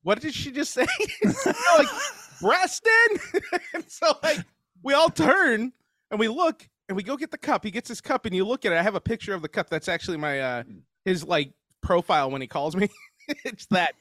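A man's voice: high-pitched, expressive, brisk, fairly bright tone, no echo. A man co-hosting a podcast, telling crude stories in casual chat and laughing often. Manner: profane storyteller, laughs often. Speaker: podcast co-host.

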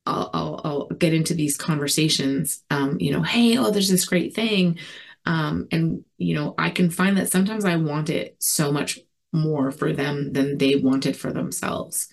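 A woman giving a personal recovery share, earnest and reflective, talking in a halting way with many fillers and restarts. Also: low-pitched. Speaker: recovery community speaker.

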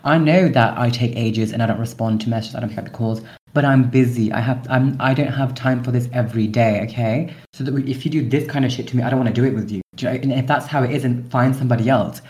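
A man's voice: medium pitch, fast talker, few pauses, darkish tone. Ranting exasperated young man. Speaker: podcast co-host. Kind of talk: comedic scripted podcast sketch.

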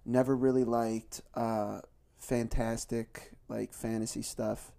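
A podcast co-host in casual chat, eager and full of swearing. The voice sits at a middle pitch and has a dark, relaxed tone. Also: takes it slowly, creaky. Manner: enthusiastic, swears a lot.

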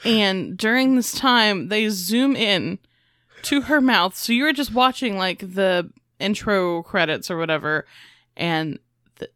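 A woman's voice: mid-range voice, lively intonation, slow pace, fairly bright tone, no room sound, studio quality. A woman co-hosting a casual movie recap chat, retelling scenes wryly with frequent laughter. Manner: wry, laughing storyteller. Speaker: podcast co-host.

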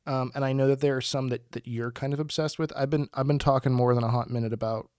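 A man's voice: mid-range voice, steady tone, quick pace, darkish tone, smooth, no room sound, clean studio sound. A man co-hosting a podcast in casual chat, talking with rambling enthusiasm. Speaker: podcast co-host.

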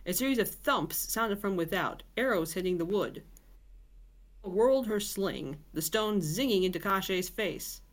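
A woman's voice: mid-range voice, expressive, a little slow. A woman podcast host reading a novel aloud, with chatty asides and filler words. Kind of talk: casual storybook reading.

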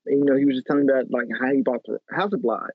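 A man from Chicago in his thirties, a photographer telling animated stories with lots of fillers in a casual interview. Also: medium pitch, rapid-fire, dry recording. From Chicago, USA. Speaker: photographer guest. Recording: tinny phone-like line, dry.

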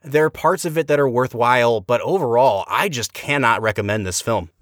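In a dry, clean studio recording, a man talks briskly as a podcast co-host reviewing a movie. Casual but exasperated, he critiques it with animated emphasis and large pitch movement.

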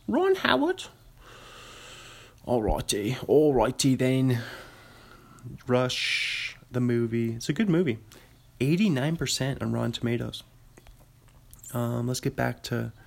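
Gravelly man rambling about movies. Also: mid-range voice. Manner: rambling, self-correcting, chuckling. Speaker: podcast host. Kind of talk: casual movie chat.

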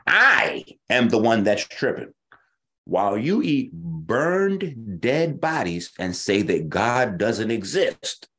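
A man hosts his own online talk show with a low voice that leaps up and down as he goes. He rants in a loose, profane way and keeps slipping into the voices of the people he is arguing with. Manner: animated, profane, acts out the people he argues with. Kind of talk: casual livestream monologue.

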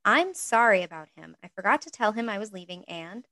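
A woman reading a story aloud and voicing a sharp-tongued young woman who scolds in a raised, exasperated voice. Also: mid-range voice, expressive, brisk, no room sound.

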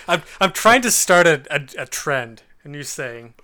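A man's voice: a little high, big pitch swings, slow, sharp tone. A man co-hosting a podcast, joking around and stammering over his first words in casual chat. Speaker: podcast co-host.

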